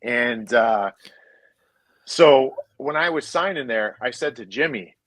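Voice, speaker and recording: Animated, profane man telling a story. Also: mid-range voice, slow pace, no room sound, poor audio. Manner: animated, profane, quotes others in shifting voices. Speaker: podcast guest, former hockey player. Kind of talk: casual storytelling.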